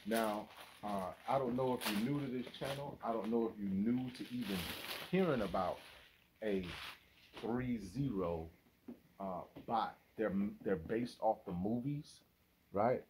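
A man's voice: fairly low pitch, a little slow, background noise. A man hosting his toy collecting channel, talking in a chatty, slangy, casual vlog style. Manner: animated, chatty, slangy, laughs often. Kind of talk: casual unboxing vlog chat.

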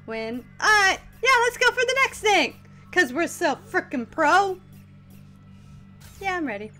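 A young woman hosting a gaming channel, giving excitable, playful, self-mocking let's-play commentary. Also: very high voice, a little slow, long pauses, faint music behind.

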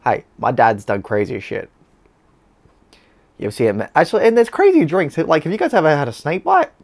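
A man's voice: fairly high pitch, huge pitch swings, brisk, vocal fry. An Australian man hosting a casual beer-tasting vlog, chatty and blunt, with slang and swearing.

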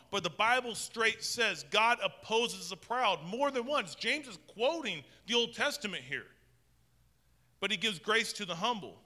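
Bright-voiced pastor preaching in a reverberant hall. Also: male voice, high voice. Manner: conversational preaching with frequent restarts. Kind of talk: sermon. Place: church sanctuary with long reverb.

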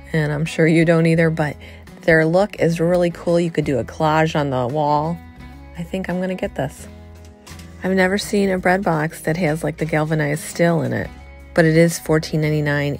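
A middle-aged woman chatting excitedly to viewers as she shops a thrift store, filming on a handheld phone. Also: deep voice. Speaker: vlogger. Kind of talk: casual thrift-store vlog chat.

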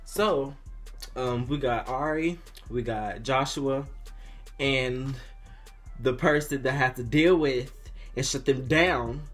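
A young man telling a casual storytime vlog, slangy and animated, acting out what people said. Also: mid-range voice, slow pace, faint music behind. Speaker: vlogger.

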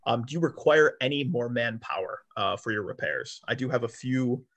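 A man playing a ship captain in a tabletop game, calm and commanding with some fillers. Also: mid-range voice, moderate pace. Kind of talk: tabletop role-play.

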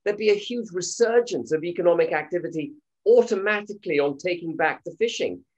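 A British panel guest builds a fluent, argumentative case on a political talk show. The voice is husky and a little breathy. The recording sounds dull and lo-fi. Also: medium pitch, animated, a little fast. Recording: dull, lo-fi audio.

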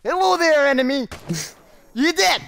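A man's voice: extremely high pitch, moderate pace, gravelly, fairly bright tone, full character voice. A man voicing a proud, patriotic male Russian sniper soldier in broken English with a put-on Russian accent, during a game. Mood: boastful. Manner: grandiose speeches, laughing. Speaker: streamer. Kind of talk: in-game voice role-play.

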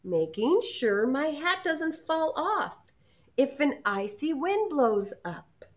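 A woman's voice: sits high, sing-song, slow pace, voice pushed up, exaggerated voice. Woman doing an earnest little hedgehog. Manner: innocent, insistent. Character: gentle, earnest young male hedgehog. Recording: muffled lo-fi sound.

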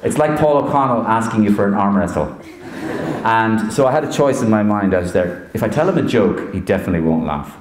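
An Irish comedian and impressionist telling animated anecdotes, laughing often and slipping into voices. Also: male voice, lowish voice, fast, roomy sound, crowd noise. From Ireland. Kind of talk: anecdotal storytelling to an audience. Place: university hall.

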